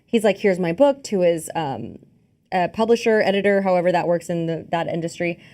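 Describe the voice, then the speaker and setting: A woman's voice: fairly low pitch, brisk, darkish tone. Woman, podcast co-host, casual film chat, rambling, fillers, laughs easily.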